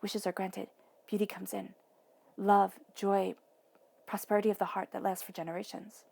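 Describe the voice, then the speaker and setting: Gravelly, mellow-voiced tarot reader. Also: female voice, medium pitch, level tone, moderate pace. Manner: soothing, drifts into soft whispers for emphasis; playful asides, acts out voices in quotes. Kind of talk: intuitive tarot reading monologue.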